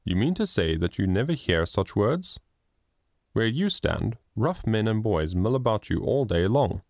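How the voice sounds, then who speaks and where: A man voicing a rich older general, a proud gentleman speaking with brisk authority in an audiobook. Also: lowish voice, very animated, no echo, clean studio sound. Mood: impatient. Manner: impatient, then hurried and gruffly kind.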